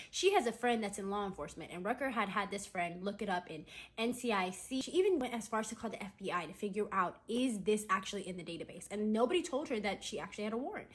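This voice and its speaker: A storytime content creator with a mid-range voice casually retells a friend's dramatic story, animated and talking fast. Her delivery is chatty and gossipy, packed with "like" and "right?"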